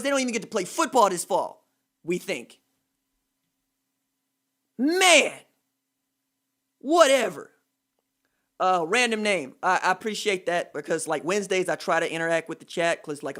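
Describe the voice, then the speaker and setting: Animated man ranting as podcast host. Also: high-pitched. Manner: animated, emphatic trash talk in casual slang. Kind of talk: solo sports podcast rant.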